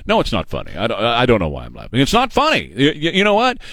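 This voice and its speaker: A man's voice: mid-range voice, huge pitch swings, fast talker, fairly bright tone, dry recording. A man hosting a talk radio news show, reading stories and giving sarcastic, opinionated commentary. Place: radio studio. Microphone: studio microphone.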